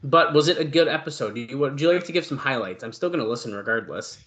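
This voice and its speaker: A man's voice: mid-range voice, lively intonation, quick pace, a bit bright. Guy co-hosting a podcast, rambly, lots of ums and likes. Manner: rambling, filler-heavy, self-deprecating. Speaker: podcast co-host. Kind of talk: casual chat.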